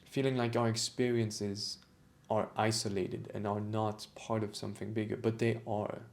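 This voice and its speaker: A man's voice: lowish voice, level tone, normal speed, gravelly, a little mellow. A man talking reflectively to camera about his own experience, with frequent restarts, repeated phrases and moments of emotion. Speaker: vlogger on autistic culture. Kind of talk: reflective personal monologue.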